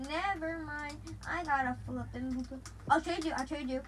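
A woman's voice: high-pitched, normal speed, a little hiss or hum, poor audio. A young woman chatting casually with a friend while gaming, rambling with many restarts and playful teasing. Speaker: gamer.

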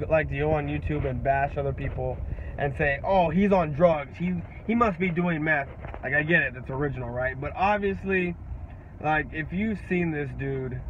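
A young man tears into a rival fan base in a heated, profane sports rant, his voice sitting a little high. The audio is dull and lo-fi, with a faint hum of noise behind him. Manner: profane, trash-talking, animated.

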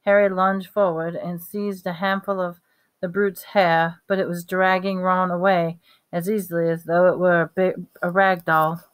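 A woman reading a novel aloud at a steady pace, with small slips and restarts. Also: on the low side, moderate pace, smooth. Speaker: reader.

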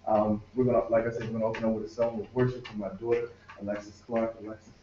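A man's voice: on the low side, little pitch movement, very fast, warm tone, far from the mic, slight background noise. Man, pastor, leading prayer, rallying the crowd, echoey conference room, dull lo-fi sound. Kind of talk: leading prayer and introducing a speaker. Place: conference room used as a sanctuary.

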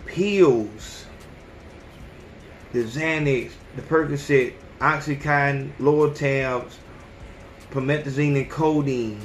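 A man's voice: medium pitch, slow pace, pauses often, echoey room, slight background noise. A man in his thirties hosting a podcast, talking bluntly and profanely in a casual, preachy monologue. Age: 30s. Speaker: podcast host.

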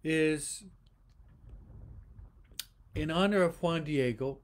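A man preaching a homily to viewers following online, his voice sitting a little high for a man. He speaks very slowly, repeating rhetorical questions one after another. He often pauses and restarts his sentences as he goes. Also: slight background noise. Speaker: priest. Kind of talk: livestreamed homily.

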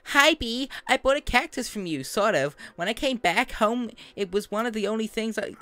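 Man putting on a gushing high-voiced young woman. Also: animated, normal speed, dry recording. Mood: fond, gushing. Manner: high, bright, gushing and sing-song.

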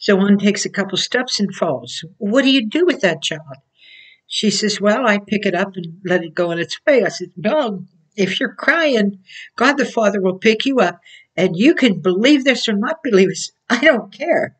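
A woman preaching in an informal sermon, telling her points as slow stories and laughing often between phrases. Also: mid-range voice, animated, husky. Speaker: Christian teacher. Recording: voice from far off the mic.

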